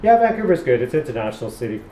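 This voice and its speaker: A man's voice: mid-range voice, very animated, very fast, mellow. Barber guy rambling on mid-haircut, repeats himself a lot, echoey shop with some hum. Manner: chatty storyteller, rambling and repeating phrases. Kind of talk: casual chat while cutting hair. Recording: echoey room.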